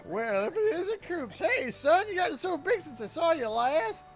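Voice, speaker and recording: Man voicing a turtle father, middle-aged, folksy, upbeat, high lively voice. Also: moderate pace, faint music behind, exaggerated voice. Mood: cheery.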